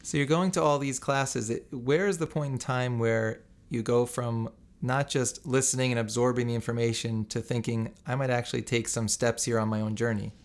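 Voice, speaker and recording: A man's voice: mid-range voice, fairly even intonation, normal speed, hardly any pauses. A man interviewing a guest, asking curious, probing follow-up questions.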